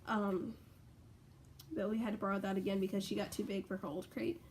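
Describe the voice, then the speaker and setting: A young woman rambling casually in a home vlog, full of fillers and excited asides. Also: mid-range voice, fairly quick, slight background noise. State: out of breath. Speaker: vlogger. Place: bedroom at home.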